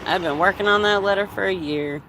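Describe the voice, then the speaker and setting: A woman's voice: mid-range voice, brisk, fairly bright tone. A woman livestreaming, telling a personal story in a candid way, with a lot of swearing and laughter. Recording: noisy phone recording.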